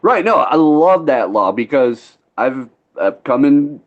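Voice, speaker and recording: A man's voice: medium pitch, very animated, slow. Casual male podcast host, loose storyteller, dull recording. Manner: rambling, laid-back storyteller, swears freely.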